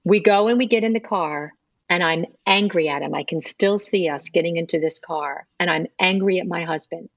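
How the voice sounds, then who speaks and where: A woman's voice: fairly low pitch, moderate pace, no room sound, highs cut off. A middle-aged woman, a podcast guest, telling her conversion story in earnest and acting out remembered dialogue. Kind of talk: personal storytelling interview.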